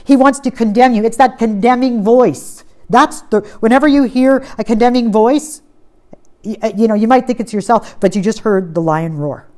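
A woman preaching a sermon, reading scripture aloud and pressing points with strong stress that drops to quiet, steady lines. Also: on the high side, moderate pace. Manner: emphatic, swings from loud stress to quiet.

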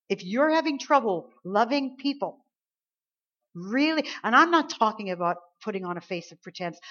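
A woman preaching a sermon, dropping to soft, low lines and then rising into loud, drawn-out emphasis. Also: highs cut off.

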